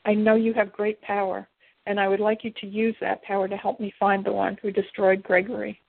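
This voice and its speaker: A loyal male spirit servant speaks formally and courteously, as a woman reads him from a storybook, in a husky, gravelly voice. The recording is dry and tinny. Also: mid-range voice, little pitch movement, brisk, no echo. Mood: earnest.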